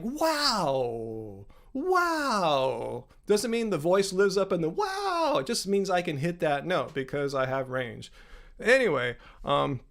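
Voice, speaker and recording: A man in his fifties runs a live stream Q&A and answers his chat directly. His voice sits fairly high for a man, and he talks in a combative, sarcastic way, often rambling and restarting his sentences. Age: 50s. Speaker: livestream host.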